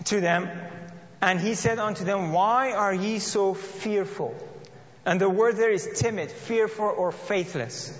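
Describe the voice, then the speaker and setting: A man preaching a sermon and reading scripture aloud, earnest, often repeating and restarting phrases. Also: high-pitched. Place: church. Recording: dull lo-fi audio in a reverberant hall.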